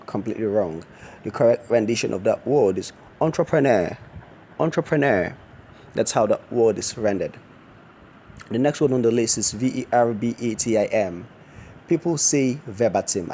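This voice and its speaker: A man's voice: medium pitch, mellow, a little hiss or hum. A man teaching a pronunciation lesson, spelling words out letter by letter and then saying them with care.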